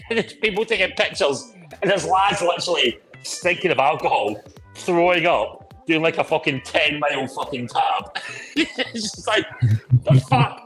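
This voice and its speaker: A man's voice: a little high, expressive, normal speed, a bit bright, faint music behind, poor audio. A man in casual chat, swearing constantly and telling boisterous stories with bursts of laughter. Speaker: podcast co-host. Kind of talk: casual pub-style chat.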